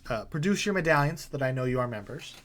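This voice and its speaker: A man's voice: medium pitch, expressive, fast, a bit bright, natural voice. A man voicing a stern elven woman official who speaks curtly. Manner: curt, businesslike.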